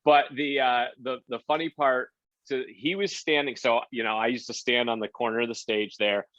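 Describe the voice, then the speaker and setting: Guest spot: man with a forceful bright voice, lively anecdote-teller, dry dull podcast sound. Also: normal speed, no echo. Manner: animated anecdote-telling, acts out quotes with big pitch jumps. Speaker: producer and game show host, guest. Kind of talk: casual podcast storytelling.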